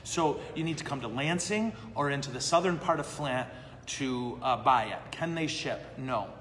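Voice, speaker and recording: Joking priest in a reverberant brewery. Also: male voice, medium pitch, lively intonation, normal speed, fairly bright tone. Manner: joking, self-deprecating, asks the room "okay?" and "right?". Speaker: priest hosting a live Q&A show. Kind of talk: casual chat answering viewer questions. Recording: long reverb, faint ambient noise.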